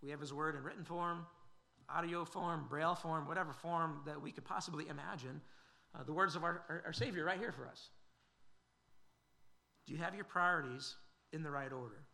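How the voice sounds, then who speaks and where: A man's voice: fairly high pitch, fairly quick, gravelly, pushed and bright. A man preaching a sermon, earnest and questioning, with frequent fillers and restarts.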